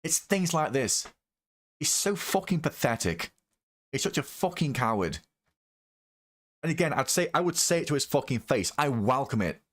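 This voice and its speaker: A reaction video host rants angrily about the person in the clip during live commentary, swearing heavily. His voice is on the high side and sing-song, at a moderate pace with long pauses.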